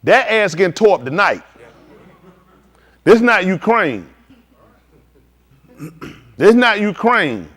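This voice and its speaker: A man's voice: high voice, sing-song, slow pace, pauses often, a bit bright. A man preaching at a livestreamed scripture teaching, emphatic and slangy, firing rhetorical questions at his listeners. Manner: slangy street talk.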